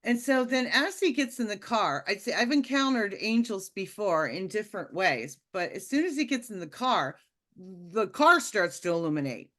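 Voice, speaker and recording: A woman casually telling a personal spiritual story, animated and acting out the quotes, often laughing. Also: mid-range voice, moderate pace. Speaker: podcast guest telling a testimony.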